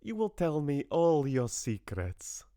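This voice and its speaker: A man's voice: a little high, very animated, slow pace, mellow, dry recording, studio quality, pitched above the performer's own voice, heavily acted. A man voicing a woman playfully putting on a theatrical, bad Russian accent as a spy. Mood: mock seductive. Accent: put-on bad Russian accent.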